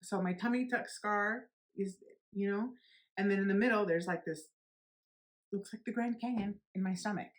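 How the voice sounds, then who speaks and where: A woman's voice: medium pitch, normal speed. A woman in her forties vlogging, telling a personal story candidly and bluntly, swearing freely and acting out what others said. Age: 40s. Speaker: beauty vlogger.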